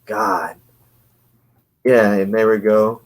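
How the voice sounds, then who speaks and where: Sarcastic man with a lowish voice. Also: steady tone, takes it slowly. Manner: sarcastic, rambling, laughs often. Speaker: comic book reviewer. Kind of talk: casual comic review.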